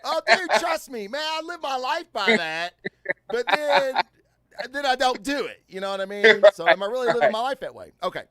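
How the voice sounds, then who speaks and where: A podcast host with a very high, animated voice talks at normal speed into a studio microphone. His casual storytelling is loud, rambling with fillers, and full of swearing.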